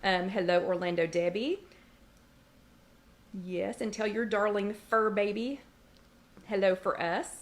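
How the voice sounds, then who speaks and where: A woman's voice: medium pitch, steady tone, takes it slowly, long pauses. A chatty middle-aged woman hosts a casual livestream chat from her kitchen. She greets viewers one after another by name and reads out their comments. Now and then she breaks off to scold her dog. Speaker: host of a weight-loss support livestream. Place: home kitchen.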